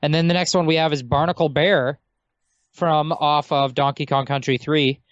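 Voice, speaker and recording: A man's voice: a little high, fairly even intonation, moderate pace, dry recording, muffled recording. A man talking as a guest on a casual podcast, easygoing and chuckling as he talks.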